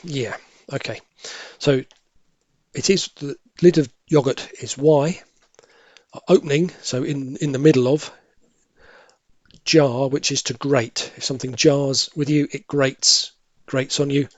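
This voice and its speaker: A man thinking aloud as he works through cryptic crossword clues, musing and correcting himself, with quiet half-muttered asides. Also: mid-range voice, fairly even intonation, measured pace, dry recording. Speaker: crossword solving tutor.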